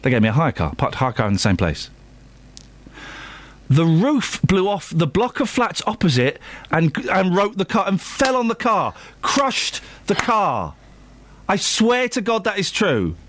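A man's voice: sits high, normal speed, a little hiss or hum. A man hosting a radio show, chatting casually and telling stories with exclamations. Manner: animated storyteller, exclamations.

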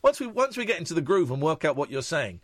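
Lively-voiced radio phone-in host. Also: male voice, on the high side, fast, no echo. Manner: chatty, jokey, frank. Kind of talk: late-night phone-in chat.

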